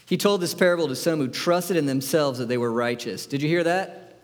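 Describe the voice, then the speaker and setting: A man preaching a sermon, firing rhetorical questions at the congregation in an animated, emphatic way. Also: a little high, brisk, big-room sound. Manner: asks the audience many questions, animated and emphatic. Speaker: pastor.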